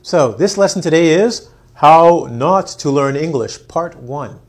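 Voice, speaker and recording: A man's voice: a little high, lively intonation, a little slow. A man teaching an English lesson on video, joking, mocking himself and acting out his students. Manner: playful, self-mocking, acts out students.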